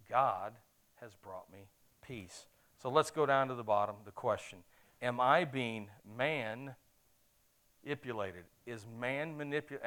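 Animated man preaching a sermon. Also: medium pitch. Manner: animated, conversational, asks the audience questions.

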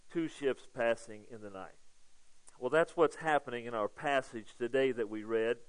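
A man preaching a sermon to his congregation, talking it through like a conversation, checking in with "okay?" and swelling louder on key points. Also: fairly high pitch, clean tone, poor audio. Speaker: pastor.

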